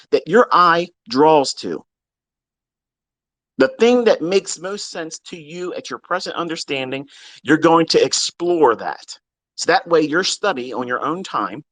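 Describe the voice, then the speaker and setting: A man's voice: on the high side, a bit bright, no room sound. Blunt, swearing man ranting at students. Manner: blunt, exasperated, heavy swearing. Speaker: trading mentor. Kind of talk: profane ranting lecture to students. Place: live audio chat room.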